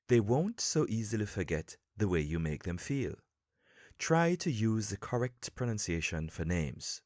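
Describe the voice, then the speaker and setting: Deep-voiced man teaching, lively intonation. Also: dry recording, clean studio sound. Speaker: podcast host and English coach. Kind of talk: scripted podcast lesson.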